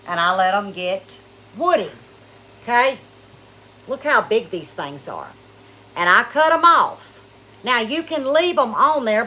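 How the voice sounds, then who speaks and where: A woman's voice: fairly high pitch, bright, forceful tone, slight background noise, poor audio. Chatty woman with a South Louisiana accent. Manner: chatty, folksy, addresses viewers as y'all and honey. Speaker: live stream host. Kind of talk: casual live stream chat.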